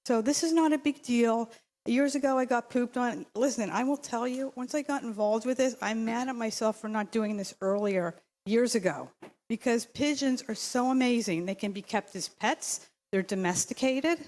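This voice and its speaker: At a city council meeting, a woman speaks into the podium microphone with a fairly high, slightly mellow voice at a moderate pace. Her public comment is insistent and rambling, full of fillers and restarts.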